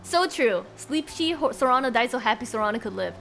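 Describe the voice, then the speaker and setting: A young woman chatting on a live stream, bubbly and quick to giggle. Her voice sits high, and faint music plays behind her. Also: lively intonation, creaky, fairly bright tone. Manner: giggly, bubbly, chats with viewers. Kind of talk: casual live-stream chat.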